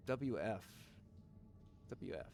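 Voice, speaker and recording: Streaming live, a man with a fairly low, slow voice that has vocal fry, a slightly mellow quality and a little hiss or hum talks to his chat. His casual, joking rambling is packed with fillers, restarts and offhand swearing.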